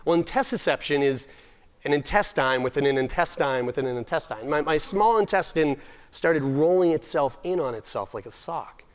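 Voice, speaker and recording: A man's voice: a little high, normal speed. A young man from Nova Scotia giving a humorous personal storytelling talk at a summit, self-deprecating with comic timing and frequent restarts. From Nova Scotia, Canada. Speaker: summit speaker.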